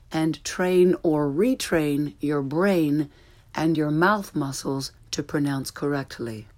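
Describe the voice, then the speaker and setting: A woman with a low voice gives a pronunciation lesson at an unhurried pace. She sets each mispronounced word against the correct one, sounding them out slowly and clearly. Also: darkish tone. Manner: slow, careful contrasting of wrong and correct pronunciations. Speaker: language teacher.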